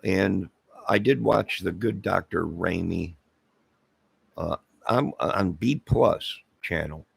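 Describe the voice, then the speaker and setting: A man's voice: low-pitched, slow pace, dry recording. A man hosting his own channel, talking in a rambling, casual commentary monologue full of fillers and asides. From Illinois. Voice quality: very gravelly, husky voice. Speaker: channel host.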